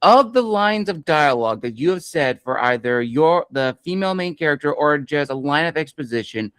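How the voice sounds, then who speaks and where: A man hosts an interview, asking long, winding questions in a friendly way. His voice sits fairly high and sounds smooth and resonant. The sound is dry and close. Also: animated, moderate pace, fairly bright tone, no echo. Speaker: interview host.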